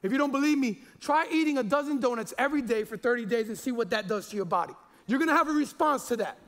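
A man's voice: very high voice, lively intonation, quick pace, a bit bright. A man in his forties, a pastor preaching a sermon in a chatty, jokey way, stumbling over repeated words and fillers.

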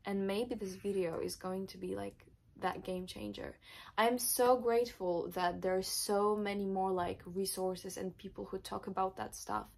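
A woman's voice: medium pitch, level tone, measured pace, creaky, a little mellow. A young woman, not a native English speaker, telling an emotional personal story in her vlog, with many filler words. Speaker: vlogger.

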